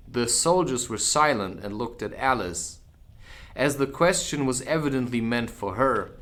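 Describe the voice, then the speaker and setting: A man reading a children's classic aloud as an audiobook, with casual asides. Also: mid-range voice. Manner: unhurried, expressive, drops in casual asides. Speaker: audiobook reader. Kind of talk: audiobook narration.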